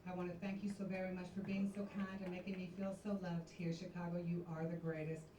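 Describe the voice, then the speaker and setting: Gracious contestant with a lowish voice. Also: female voice, little pitch movement, quick pace. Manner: gracious, composed, thankful. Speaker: pageant contestant. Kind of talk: formal onstage answer and thank-yous. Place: large hall with live audience. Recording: echoey hall, distant mic, noise.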